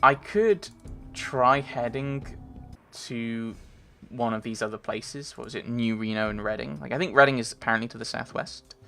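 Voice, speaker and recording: Bright-voiced man rambling over gameplay. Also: mid-range voice, fairly even intonation, a little fast, vocal fry, hardly any pauses, faint music behind. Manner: rambling, thinking aloud, reads on-screen text. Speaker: let's play gamer. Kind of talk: casual gameplay commentary.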